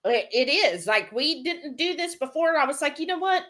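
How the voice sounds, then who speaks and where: A woman's voice: high-pitched, expressive, moderate pace, a bit bright. A woman co-hosting a live cooking stream, chatting casually and reading out viewer comments. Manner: chatty and laughing, lots of "like" and "y'all".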